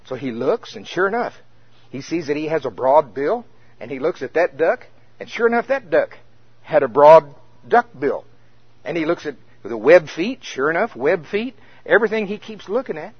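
A pastor telling a folksy story in a conversational sermon, with a casual manner. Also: male voice, a little high, very animated, moderate pace, husky. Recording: muffled lo-fi recording.

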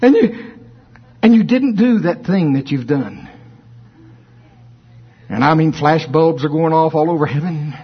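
Brief: middle-aged man preaching, lively and husky, on a dull lo-fi recording. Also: fairly high pitch, a little slow, pauses often. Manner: animated storytelling, playful, acts out voices. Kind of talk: sermon.

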